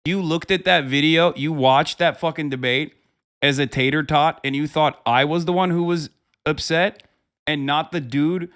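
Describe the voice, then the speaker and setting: Heated, profane streamer, higher-pitched man. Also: fairly even intonation, normal speed, fairly bright tone. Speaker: livestream host. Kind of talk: casual streamer commentary.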